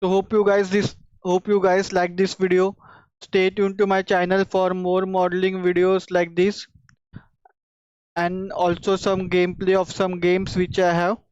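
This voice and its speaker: A woman's voice: on the low side, monotone, measured pace, a little mellow, clean tone, no echo. A woman hosting a 3D modeling channel, walking through her work in a casual tutorial, speaking in simple phrases with hesitant fillers. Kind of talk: casual screen-recorded tutorial walkthrough. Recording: dull, slightly lo-fi dry sound.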